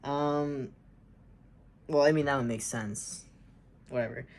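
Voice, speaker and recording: Slow and steady, with a very deep, darkish voice, a young woman reads aloud something she wrote as a kid. Sarcastic remarks interrupt the reading, along with frequent ums and uncertain trailing off.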